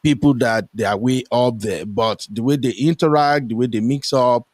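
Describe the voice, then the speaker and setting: A young man with a Nigerian accent hosts a casual streamed chat, his voice at a middle pitch. He talks animatedly, jumping up in pitch whenever he quotes someone. The sound is dry and close. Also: normal speed, dry recording. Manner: animated, pitch jumps when quoting people. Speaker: host. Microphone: streaming headset mic.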